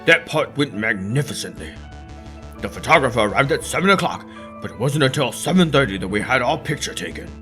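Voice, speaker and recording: A man's voice: mid-range voice, expressive, brisk, sharp tone, faint music behind. A man doing a creepy, courtly bird baron. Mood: polite. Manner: courteous, oily, faux-French address. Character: creepy aristocratic male bird baron, smooth host. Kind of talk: let's play character voicing.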